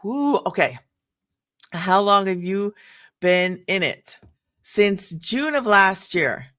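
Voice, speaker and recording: Older woman as a livestream host: excitable, chatty, greets viewers by name, laughs easily. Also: medium pitch, slow. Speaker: livestream host selling online business programs. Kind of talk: casual livestream chat with viewers.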